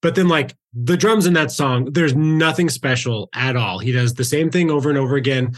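A man's voice: medium pitch, moderate pace. A man co-hosting a casual music podcast, talking loosely with lots of fillers. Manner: animated, loose, many fillers like "you know". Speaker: podcast co-host. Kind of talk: casual chat.

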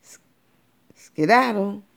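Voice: medium pitch, expressive, slow pace, vocal fry, fairly bright tone, pitched above the performer's own voice, full character voice. A parent doing a sassy little girl. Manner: sing-song, sassy backtalk.

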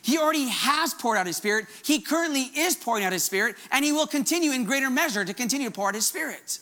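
A male pastor preaching a fervent, animated sermon. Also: very high voice, fast talker.

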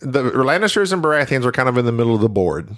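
A man's voice: medium pitch, sing-song, fast, fairly bright tone. A man co-hosting a podcast, teasing his friends in playful casual chat. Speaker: podcast co-host.

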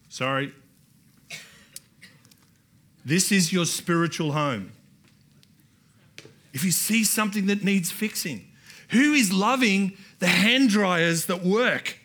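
A man's voice: sits high, expressive, normal speed, sharp tone. A man with an Australian accent preaching a sermon in church, building to emphatic repeated lines and calling out to the congregation. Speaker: pastor. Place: church hall.

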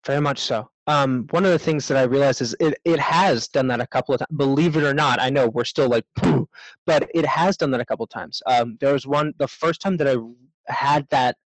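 A man's voice: medium pitch, a little fast, no room sound, low-quality recording. A man, a self-defense instructor, speaking as a guest in a casual interview, thoughtful and a bit rambling.

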